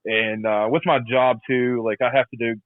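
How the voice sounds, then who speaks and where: A man's voice: medium pitch, steady tone, moderate pace, no room sound. A man talking as a podcast guest in casual chat, laid-back, repeating words and saying man and bro a lot. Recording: tinny phone-like line.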